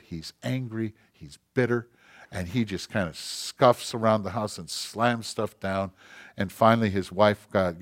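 Male pastor, sermon, passionate, loud then hushed, storytelling. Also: fairly low pitch. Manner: passionate, swinging between loud emphasis and quiet intensity.

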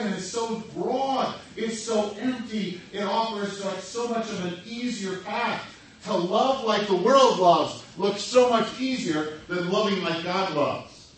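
A man's voice: high-pitched, a bit bright, slight background noise. Man preaching in a very echoey room. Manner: conversational preaching with rhetorical questions. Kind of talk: sermon. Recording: echoey room from far off, faint background.

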